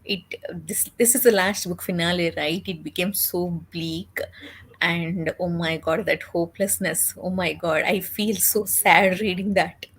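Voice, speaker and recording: A woman chatting on a reading stream, easygoing and teasing, with some hesitant pauses. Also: lowish voice, steady tone, fairly bright tone, breathy edge. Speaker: guest reader on the stream. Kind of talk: casual chat.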